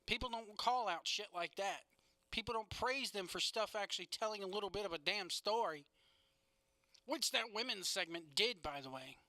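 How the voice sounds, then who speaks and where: A man's voice: high-pitched, expressive, normal speed, sharp tone, dry recording. A young man hosting a casual wrestling podcast, rambling through a recap with sarcastic asides and frequent laughs.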